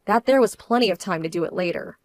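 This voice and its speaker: An actress playing a young bride-to-be who answers her fiancé in a firm, measured, indignant way. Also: medium pitch, darkish tone, no echo, clean studio sound, natural voice. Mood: cold. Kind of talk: dramatized story voice acting.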